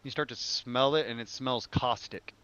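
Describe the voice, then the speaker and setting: A man's voice: mid-range voice, moderate pace, a bit bright, smooth, muffled recording. A man narrating as game master of a tabletop game, describing passages in a rambling, self-correcting way.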